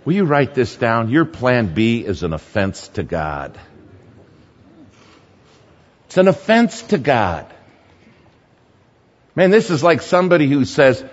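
A man's voice: mid-range voice, very animated, takes it slowly, long pauses. A man preaching a sermon, telling stories with animation and repeating his numbered points. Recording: dull lo-fi sound with long hall reverb.

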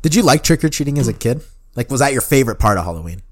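A man's voice: mid-range voice, very animated, racing. A young man co-hosting a podcast in casual chat, swearing often and saying "like" and "bro" a lot. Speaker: podcast co-host.

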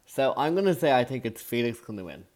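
A man's voice: medium pitch, sing-song, fast talker, a little mellow. A man co-hosting a podcast, a former contestant who chats enthusiastically and gossips about the players. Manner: enthusiastic, gossipy, drops his voice to mimic people. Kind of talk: casual recap chat.

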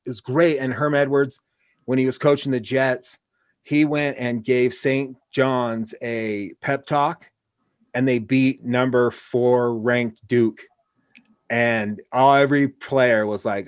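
A man's voice: mid-range voice, steady tone, measured pace, dry recording. A man from Wyoming hosting a casual interview, telling rambling anecdotes full of restarts. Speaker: podcast host.

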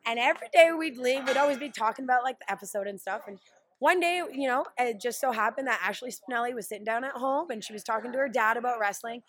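A woman who wrestles professionally, telling stories in a brash, animated way during a casual interview. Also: fairly high pitch, fast. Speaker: pro wrestler.

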